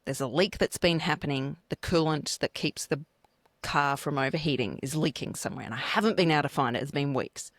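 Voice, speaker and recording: A low-voiced Australian woman speaks a little fast in a studio-quality recording without echo. As co-host of a casual chat podcast, she tells her stories bluntly and animatedly, swearing freely.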